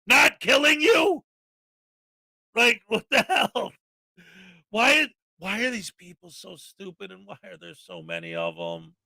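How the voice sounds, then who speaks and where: Man, commentary host, sarcastic exasperated rant, very high voice, piercingly bright tone. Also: big pitch swings, slow pace, vocal fry, no room sound, low-quality recording. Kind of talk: ranting video commentary.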